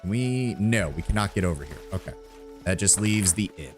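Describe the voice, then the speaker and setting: This man's voice sits low and expressive, moving fairly quickly. Streaming a role-playing game with faint music behind him, he mixes casual jokes, swearing, and thinking aloud with readings of the story text.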